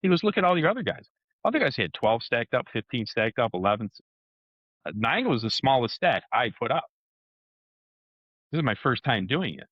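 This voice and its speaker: A man telling a story in a lively way, with sound effects and acted-out dialogue. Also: medium pitch, normal speed, long pauses, no echo, lo-fi sound. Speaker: co-host and martial arts competitor. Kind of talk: animated casual storytelling.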